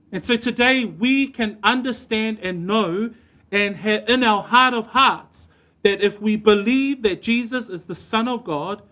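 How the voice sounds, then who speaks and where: A male preacher delivers a church sermon in a notably high voice. He talks earnestly and emphatically, slowing down to stress the words he wants to land. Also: sharp tone. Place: church service.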